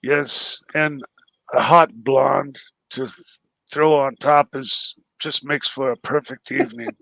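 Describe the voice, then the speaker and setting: A man playing a pompous male wine connoisseur, speaking slowly in a lowered, self-satisfied voice. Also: fairly even intonation, gravelly, sharp tone, dry recording, heavily acted, rough recording. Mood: smug.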